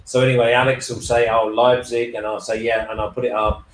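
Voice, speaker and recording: A man's voice: mid-range voice, level tone, quick pace. A man co-hosting a live sports betting show, joking and talking over the others in casual chat. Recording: roomy room, faint noise.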